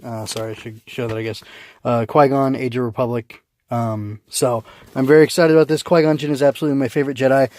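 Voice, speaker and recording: A man's voice: mid-range voice, fairly even intonation, quick pace, darkish tone. A man giving a casual spoken review of a comic, rambling with many fillers and restarts, recorded on a phone.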